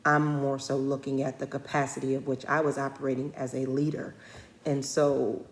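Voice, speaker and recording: A woman's voice: rumbling low, little pitch movement, normal speed. A middle-aged woman, a former school principal, telling a personal story in a talk, with many fillers and restarts. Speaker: speaker.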